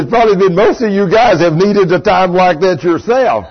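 Folksy older pastor, husky voice. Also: male voice, high-pitched, lively intonation, normal speed. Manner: folksy, chatty, chuckles often, talks to the congregation. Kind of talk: storytelling sermon. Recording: muffled lo-fi sermon recording.

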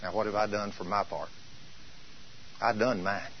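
A male preacher giving an emphatic sermon, drawing out scripture quotes slowly for weight. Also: on the low side, fairly even intonation, highs cut off, a little hiss or hum.

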